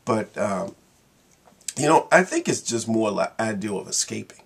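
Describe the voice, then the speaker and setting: A man's voice: lowish voice, animated, normal speed, creaky, breathy edge. A man giving a casual, rambling monologue in his vlog, wry and laughing at himself. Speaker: vlogger.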